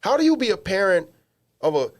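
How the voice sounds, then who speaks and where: His voice sits high and runs a little fast as he co-hosts a podcast from a small studio. He's an animated teller of comic tales, slangy and emphatic in casual chat.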